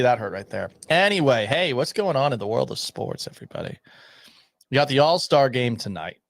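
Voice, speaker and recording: A man hosts a sports radio show while nursing a sore, swollen throat. He talks low and subdued, almost monotone, with dry humor. The studio sound is close and dry, with a mid-pitched voice. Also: fairly quick, gravelly, no echo. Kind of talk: sports talk radio monologue.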